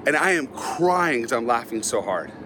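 Animated, self-mocking man speaker. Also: mid-range voice, normal speed, background noise. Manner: self-mocking, often laughs at his own stories. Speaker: Christian motivational speaker. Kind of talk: humorous storytelling talk.

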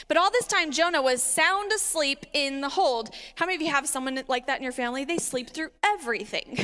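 Bright, high-voiced woman preaching in a hall. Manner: animated, acts out quoted voices with laughs. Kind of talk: sermon. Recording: reverberant hall.

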